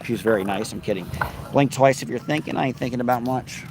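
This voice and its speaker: Speaking fast at a medium pitch, a man runs a casual outdoor stream in a park with a noisy background. He's playful, chats with his audience, reads their comments and names aloud, and slips into fragments of songs.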